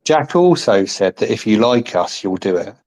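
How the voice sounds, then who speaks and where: A man's voice: fairly low pitch, big pitch swings, moderate pace, a little mellow. A man hosting a casual interview, chatty and teasing. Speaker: podcast host interviewer.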